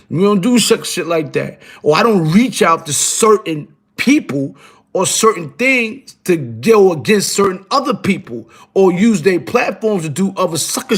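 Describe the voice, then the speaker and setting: Brief: middle-aged New man, slightly high voice, loose profane streetwise rambling, keeps asking "you heard?". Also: slightly rough. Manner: profane and emphatic. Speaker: guest on a live show. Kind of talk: casual live-stream talk.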